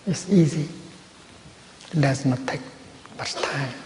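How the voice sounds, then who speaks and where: A man giving a Buddhist dharma talk at a retreat, speaking slowly and gently with measured pauses. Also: on the high side. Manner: slow, gentle, measured phrasing with long pauses. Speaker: Buddhist teacher. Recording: roomy hall with long reverb and faint noise.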